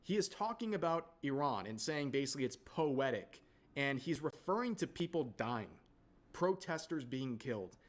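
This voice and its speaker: A man's voice: medium pitch, sing-song, moderate pace. Outraged male commentary host. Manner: outraged, addresses viewers as ladies and gentlemen. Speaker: online commentary video host. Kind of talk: scripted commentary narration.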